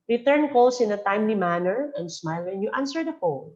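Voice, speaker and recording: A woman's voice: mid-range voice, lively intonation, a little fast, darkish tone. A woman from the Philippines leads a workplace training webinar, her mid-range voice coming through slightly dull audio. She explains etiquette step by step and keeps checking in with her listeners, slipping between English and local phrases. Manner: mixes English with local Bicol phrases, frequent "okay?" checks. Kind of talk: webinar lecture on phone and letter etiquette.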